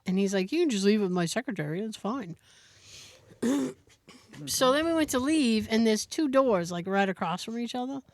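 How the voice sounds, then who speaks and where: A woman with a higher-pitched voice speaks at normal speed but pauses often while telling a story in a casual podcast chat. As co-host, she animatedly acts out what other people said.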